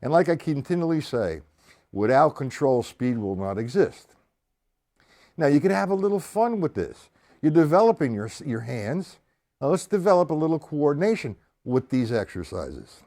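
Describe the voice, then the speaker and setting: Here the drum teacher's voice is fairly high and mellow, very animated, at a moderate pace. Teaching live on a stream, he counts aloud and names each sticking step by step as drums play behind him.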